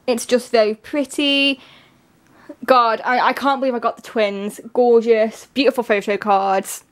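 A woman gushing excitedly through a casual unboxing, her voice strained and giving out. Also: fairly high pitch, measured pace. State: voice giving out, coughing. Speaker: K-pop album unboxer.

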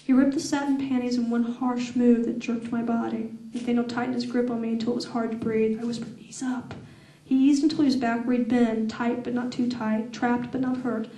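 A woman's voice: a little high, level tone, dark tone, distant mic. Woman reading fiction aloud in an echoey room. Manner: slow, deliberate, sensual reading. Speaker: author reading her novel. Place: fan event room. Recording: echoey room heard from afar.

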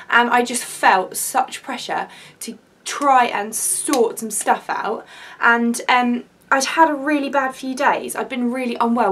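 A woman in her twenties, a vlogger, telling a story-time tale in a chatty, excitable, rambling way with many fillers. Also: a little high. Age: 20s.

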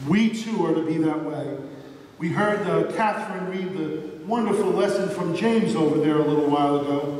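A man preaching a sermon as pastor, earnest, slowing down to stress key points. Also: high-pitched, a little mellow, slight background noise. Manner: earnest, slows down for emphasis. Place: church sanctuary. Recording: echoey church hall from far off.

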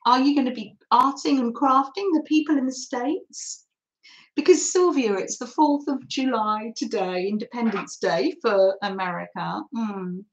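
A middle-aged woman hosting a live craft session, chatting warmly to viewers and reading their comments as she works. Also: on the high side, a little slow, dull audio. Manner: friendly, reads out chat comments while crafting. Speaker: craft livestream host.

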